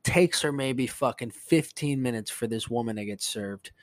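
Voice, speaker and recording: A man hosting a casual solo podcast, telling a story in profane, animated bursts that climb into a rant. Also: medium pitch, normal speed, no echo. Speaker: podcast host.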